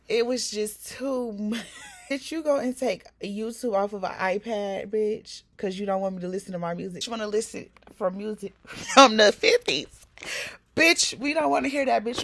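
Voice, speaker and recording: A woman recounts a workplace story straight to her viewers in loose, profane storytime chat. Her voice is bright and edged, and her delivery stays blunt and animated. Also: medium pitch. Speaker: storytime vlogger. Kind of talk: casual storytime monologue.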